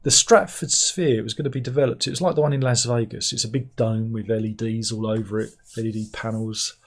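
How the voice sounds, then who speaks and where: A man's voice: medium pitch, steady tone, fairly quick. A man hosting a casual news commentary from home, chatty and wry, often laughing at his own jokes. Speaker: host. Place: home room by a window.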